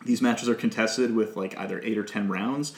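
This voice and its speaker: A man's voice: lowish voice, fairly even intonation, normal speed, reverberant. A man hosting a casual podcast, laughing often and explaining wrestling rules. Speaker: podcast host.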